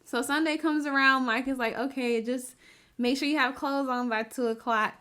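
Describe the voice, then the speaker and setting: A woman's voice: high-pitched, moderate pace, smooth. A woman podcast co-host chatting casually, telling a story with lots of laughter and feeling. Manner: animated storytelling, laughs often. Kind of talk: casual chat.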